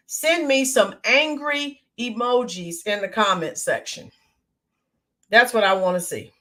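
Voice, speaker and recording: An American woman hosting a casual livestream, greeting viewers by name with lots of filler ums, her voice a bit hoarse from yelling the day before. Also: medium pitch, lively intonation, measured pace. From United States. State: voice slightly hoarse from screaming. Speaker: livestream host. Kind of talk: casual live-stream chat.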